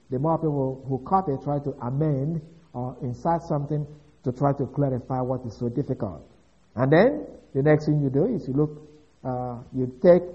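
A man giving a methodical, explanatory Bible teaching, working through a passage step by step. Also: mid-range voice. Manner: methodical, explanatory, with occasional restarts. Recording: dull lo-fi recording.

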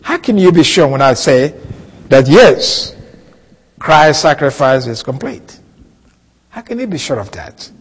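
A man teaching a Bible passage in a sermon, slow and deliberate, repeating key words for emphasis. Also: fairly high pitch, big pitch swings, slightly rough, in a large hall, rough recording. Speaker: preacher.

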